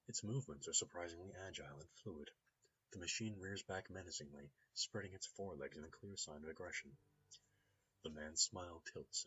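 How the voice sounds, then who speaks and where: A man's voice: deep voice, sharp tone. A man playing a story game, reading its descriptive text aloud with upbeat asides. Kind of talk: game playthrough narration. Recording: slightly dull lo-fi recording with faint noise.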